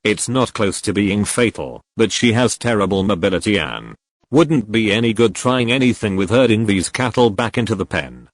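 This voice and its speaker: A man doing a lazy teen boy ninja, flat and low. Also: moderate pace, dry recording. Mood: deadpan.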